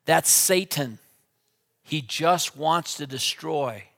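A man preaching a sermon with dynamic delivery, dropping to a hush and then rising to loud, emphatic lines. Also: a little high, animated, slow pace, vocal fry.

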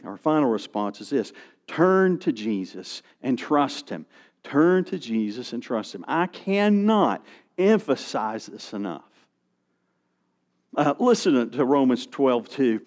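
A man's voice: a little high, a little mellow. A middle-aged male pastor preaching a sermon, reading scripture and animating his stories with quoted voices.

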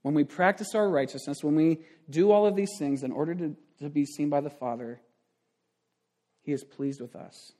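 Guy pastor in his 30s preaching, kinda high voice, chatty, restarts a lot. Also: moderate pace, warm tone. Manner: conversational preaching with frequent restarts and asides. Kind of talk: sermon.

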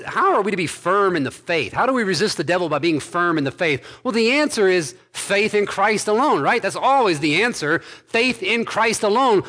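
A man with a fairly high voice is preaching an expository sermon. He builds steadily to emphatic points and drops in quick, informal asides to the congregation. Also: fairly bright tone. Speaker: pastor.

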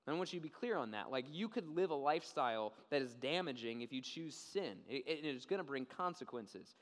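A young man preaching a sermon, telling a story in a casual, animated way and often checking in with "okay?". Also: mid-range voice, a little fast. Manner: animated storytelling, acts out quoted voices. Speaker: pastor. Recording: long reverb of a large hall.

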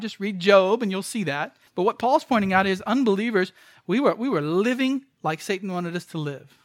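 A man's voice: high voice, a bit bright, no echo. A man preaching a sermon as pastor, emphatic, repeating phrases and asking rhetorical questions.

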